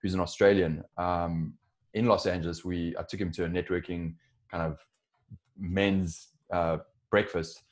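A man's voice: sits low, flat delivery, unhurried. A man in his forties from South Africa with a South African accent, a podcast guest talking casually about his career with frequent restarts and fillers. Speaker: podcast guest, software co-founder. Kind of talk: casual interview.

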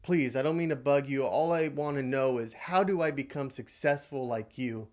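A poor, ambitious young boy, as a man puts him on in a story, pleading and earnest. The voice sits at a mid male pitch and stays close to the storyteller's own. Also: moderate pace, close to an everyday voice. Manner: pleading, rising to shouting.

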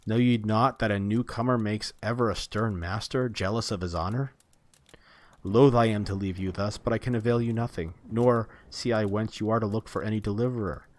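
A man's voice: lowish voice, steady tone, normal speed, natural voice. A man reading aloud voices a lame male smith god, grave and reluctant, speaking with sorrow. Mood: sorrowful.

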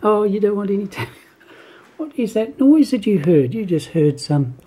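An older man filming at home, chatting fondly to his cat and slipping into a soft whisper. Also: sits high, sing-song, moderate pace, husky. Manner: doting and chatty, drifts between cooing and soft whispering. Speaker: cat owner filming a video. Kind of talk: casual home video, cooing to a pet.

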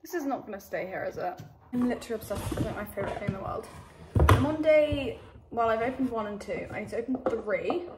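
A woman's voice: fairly high pitch, expressive, fast talker, loud music behind the voice. A young woman chatting casually to camera at home in her bedroom, rambling and saying "literally" and "like" a lot. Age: young adult. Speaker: vlogger. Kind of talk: casual vlog chat.

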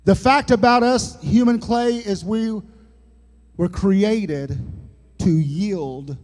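Male pastor, high voice, unhurried folksy sermon, church echo. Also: a little mellow. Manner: folksy preaching with jokes and sudden dramatic drops in volume. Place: church sanctuary. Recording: long church hall reverb.

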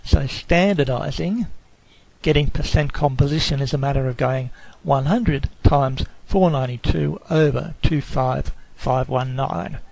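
A man giving a screencast tutorial on a statistics program, explaining slowly and carefully, sometimes correcting himself mid-sentence. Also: medium pitch, gravelly, darkish tone, poor audio. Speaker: lecturer.

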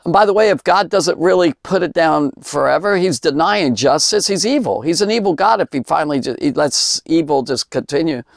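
A man's voice: a little high, expressive, brisk, vocal fry, few pauses, no echo, clean studio sound. A man giving an informal, emotional Bible lesson who often laughs and lets his voice climb with enthusiasm. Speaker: Bible teacher.

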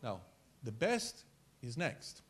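A male pastor preaching a sermon in church, telling stories with lively acted-out scenes and repeating words as he gets excited. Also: medium pitch, slow pace. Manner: animated storytelling, acts out scenes.

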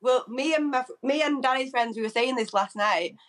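A woman on a live TV link, talking excitedly and proudly in long run-on praise. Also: sits high, a little fast, poor audio. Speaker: guest's fiancee. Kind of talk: live TV interview.

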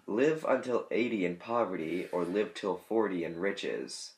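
A man's voice: low-pitched, a little slow. A man hosting a casual chat about silly choices, joking and rambling, often trailing off into mumbles. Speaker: gaming channel host. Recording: echoey room.

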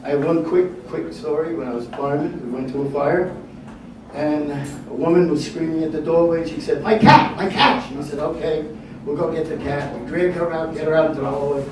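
Stand-up comic heard from afar in echo. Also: male voice, on the high side, fairly even intonation. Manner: wry storytelling with punchline pauses. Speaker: stand-up comedian. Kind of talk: stand-up comedy set. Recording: echoey room from a distance, noisy.

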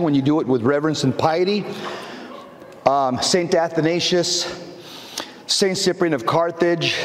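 A man's voice: fairly high pitch, reverberant, in a large hall. A man speaking as a priest, giving an earnest teaching talk and explaining with fillers.

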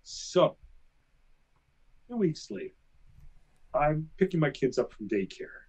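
Animated husky-voiced male storyteller. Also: fairly high pitch, takes it slowly. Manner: animated, self-mocking anecdotes. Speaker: guest. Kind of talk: casual interview storytelling.

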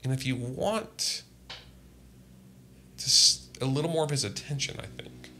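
A man's voice: mid-range voice, measured pace, pushed and bright, slight background noise. A man, a pastor, telling earnest personal testimony in a podcast conversation. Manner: earnest, impassioned storytelling.

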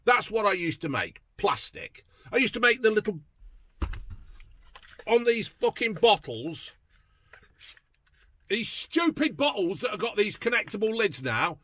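A man's voice: high-pitched, sing-song, unhurried, pauses often, sharp tone. A man giving a furious, sweary political rant, mocking and fuming as he talks. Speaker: political vlogger. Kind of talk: profane ranting commentary.

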